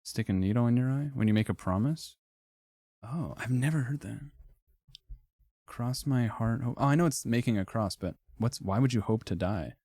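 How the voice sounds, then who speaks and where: A man's voice: mid-range voice, moderate pace, warm tone, dry recording, studio quality. A man streaming live, ranking things in casual, profane, joking commentary and laughing often.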